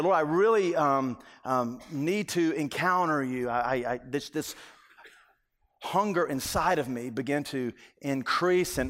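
A middle-aged man preaches with earnest, halting delivery, circling back on his words before pressing on. His voice sits somewhat high for a man. The sound rings out with the long reverb of a big hall. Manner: earnest, halting with frequent restarts. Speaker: pastor. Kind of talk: sermon.

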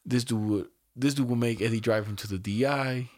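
A man's voice: mid-range voice, brisk, darkish tone, no echo, clean studio sound. A young man hosting a casual podcast, telling a story in a rambling, slangy and profane way with lots of fillers. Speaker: podcast host.

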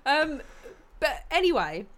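A woman from Watford with a southern English accent co-hosts a relaxed film chat. She talks in a loose, chatty way, laughs a lot and swears casually. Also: high-pitched, takes it slowly. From Watford, England. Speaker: podcast co-host.

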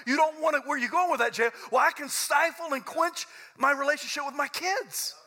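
A middle-aged man, a pastor preaching a sermon, intense and conversational, swinging from loud fervent peaks to low quiet asides with stammered restarts. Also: fairly quick.

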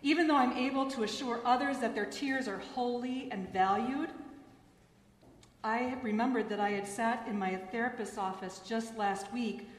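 A woman pastor and chaplain giving a gentle, earnest sermon after a gospel reading in a church. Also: a little high, normal speed. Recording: echoey church hall.

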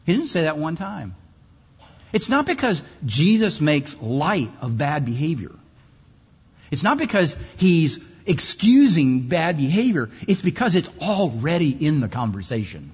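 A man preaching a sermon in an emphatic way, his pitch swinging widely, with long pauses. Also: big pitch swings, a little mellow, slightly rough. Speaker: pastor. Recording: muffled hall recording.

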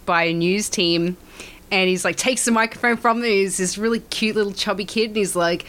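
A woman's voice: medium pitch, fairly even intonation, moderate pace, a bit bright. A woman co-hosting a podcast in casual, chatty conversation. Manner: chatty, laughs often. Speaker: podcast co-host. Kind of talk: casual chat.

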